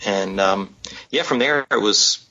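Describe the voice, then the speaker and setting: A man's voice: on the low side, unhurried, bright, forceful tone. A man telling a long story as a podcast guest, rambling with many fillers and restarts. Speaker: guest, publisher. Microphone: on the phone line. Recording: dull lo-fi sound.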